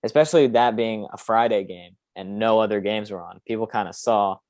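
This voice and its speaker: Brief: young male podcast host, low voice, dry close mic, opinionated, rambling. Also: brisk, a little mellow, no room sound. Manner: opinionated, rambling with frequent fillers. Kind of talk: casual sports podcast chat.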